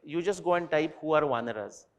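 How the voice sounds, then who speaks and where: A man answering student questions at a university talk, animated and digressive, turning to quiz the audience directly. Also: a little high, fairly quick, long reverb tail. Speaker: invited speaker. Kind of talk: lecture Q&A with students. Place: university lecture hall.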